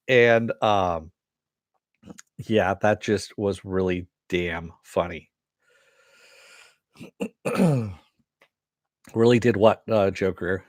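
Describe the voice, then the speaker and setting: A man's voice: low-pitched, drawn-out words, long pauses, dry recording. Rambling man reviewing a cartoon, dry sound. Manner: rambling, laughing often, swearing. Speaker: TV episode reviewer. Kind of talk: casual spoken review.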